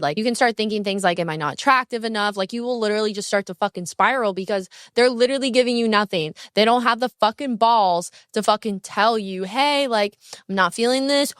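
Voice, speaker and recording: A young woman hosts her own solo podcast, chatting brashly, candidly and profanely as she tells a story, her pitch swinging up and down with bursts of speed. Her smooth, full voice is recorded close and dry, with no room sound.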